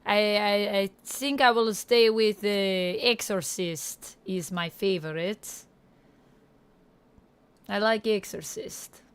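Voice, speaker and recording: A woman's voice: medium pitch, smooth. Woman putting on a mock French Canadian guy. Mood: playful. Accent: put-on French Canadian. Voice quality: halting, drawn-out, heavy on French words. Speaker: streamer. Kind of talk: livestream chat in a put-on accent.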